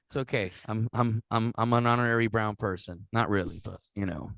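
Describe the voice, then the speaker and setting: A man's voice: fairly low pitch, brisk, vocal fry, smooth, dry recording. A man from Puerto Rico hosting a casual podcast, telling stories with lots of swearing and acted-out quotes. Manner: animated storyteller, swears a lot, acts out quotes. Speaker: podcast host.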